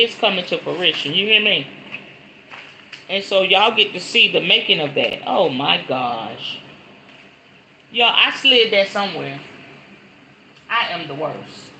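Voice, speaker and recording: Middle-aged woman host, casual livestream chatter, keen bright edge, faint background hiss. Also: medium pitch, expressive, unhurried, pauses often, poor audio. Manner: chatty, repeats words, often says y'all. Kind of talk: casual livestream chat to viewers. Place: at home, in front of a decorated backdrop.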